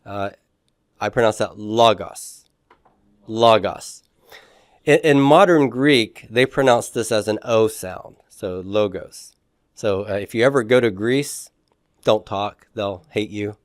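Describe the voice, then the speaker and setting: Brief: male lecturer, unhurried delivery, smooth resonant voice, dry sound, repeats pronunciations for the class. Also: lowish voice, dry recording. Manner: slow, repeats pronunciations, many fillers, quizzes the class. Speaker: Greek teacher.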